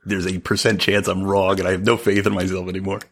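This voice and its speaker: A man's voice: low voice, completely flat delivery, fast. A man in his forties co-hosting a live podcast, joking around and making fun of himself. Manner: joking and self-deprecating. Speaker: podcast co-host. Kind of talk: casual live podcast chat.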